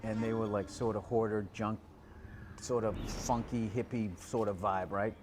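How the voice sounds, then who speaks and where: A man's voice: lowish voice, moderate pace, music in the background. A man telling a story in casual chat as a podcast host, swearing often and acting out the people in it. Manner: profane, animated storyteller.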